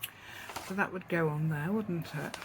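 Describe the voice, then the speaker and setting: A woman's voice: low voice, normal speed, slight background noise, low-quality recording. A middle-aged woman with an East Midlands English accent, chatting casually through a craft tutorial at her table, rambling and asking tag questions.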